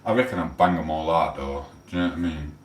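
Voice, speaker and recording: Deep-voiced ranting man in his forties. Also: steady tone, quick pace. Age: 40s. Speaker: livestream host. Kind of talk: casual livestream chat. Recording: echoey room, mic held far off.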